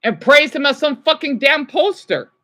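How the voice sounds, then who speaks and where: A man's voice: very high-pitched, expressive, moderate pace, sharp tone. A man ranting on a live stream, agitated, swearing often, stumbling over restarts and answering his chat. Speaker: livestreamer.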